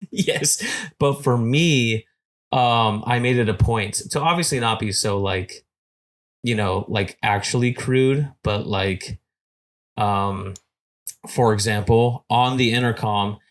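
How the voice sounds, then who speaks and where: A man of middle pitch chats through a rambling anecdote as a podcast guest. He laughs between phrases and keeps leaning on "like" and "um". The voice is ordinary and relaxed in register. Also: slow pace. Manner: rambling, chuckling, lots of "like" and "um". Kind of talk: casual storytelling chat.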